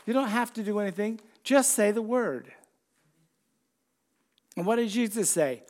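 A high-pitched man preaching to his church congregation. He talks in a loose, conversational way and keeps asking his listeners questions as he goes. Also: lively intonation, unhurried, long pauses, darkish tone. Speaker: pastor. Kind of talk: sermon.

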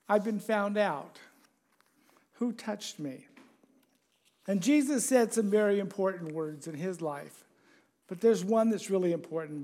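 Male preacher, high voice, casual sermon delivery, chuckles, asks questions of the congregation. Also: darkish tone.

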